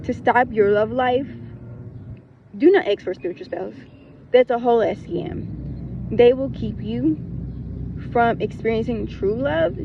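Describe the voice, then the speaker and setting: A woman speaks bluntly in a casual spiritual talk, hammering her points by repeating them and swearing freely. Her voice sits a little high, with a gravelly edge. The recording is slightly dull and lo-fi, with faint noise behind it. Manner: breaks into laughter. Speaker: spiritual content creator.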